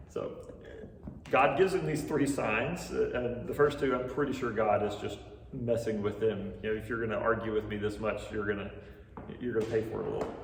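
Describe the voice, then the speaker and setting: A man's voice: lowish voice, fairly even intonation, fairly quick, vocal fry. A man in his thirties teaching a Bible class, retelling the story in a casual, conversational way with asides. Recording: echoey hall from far off, faint noise.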